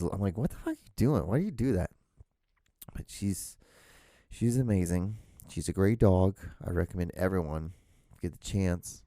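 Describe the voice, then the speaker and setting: A man talks through a casual solo podcast in a low, mellow voice. He rambles, cuts himself off and starts over, and drops a swear word now and then. The sound is dry and close, with no room echo. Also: gravelly. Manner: rambling, self-interrupting, with frequent restarts and swearing. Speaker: podcast host. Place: small room at home. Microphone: podcast microphone.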